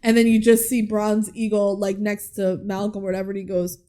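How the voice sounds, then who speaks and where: A woman's voice: mid-range voice, flat delivery, a little fast, mellow. A woman co-hosting a podcast, casually recapping a movie, acting out characters' lines and laughing often. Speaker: podcast co-host.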